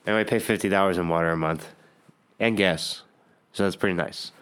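A man's voice: low voice, a little fast, fairly bright tone. A man in a casual, rambling monologue, cursing often and sardonic, trailing off mid-thought.

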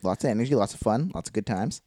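Fast-talking young man co-host. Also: lowish voice, animated, mellow, no echo, clean studio sound. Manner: quick, crude joking and laughing agreement. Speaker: podcast co-host. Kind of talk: casual podcast banter.

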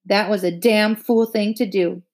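A woman reading the lines of a gruff, blunt rural father in a read-aloud novel, in her own voice. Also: high voice, fairly even intonation, a little slow. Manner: blunt, folksy speech.

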